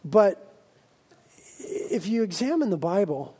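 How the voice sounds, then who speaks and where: Man, pastor, sermon, animated, playful, high voice. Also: slow, slightly rough. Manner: animated, acts out comic voices of his congregation.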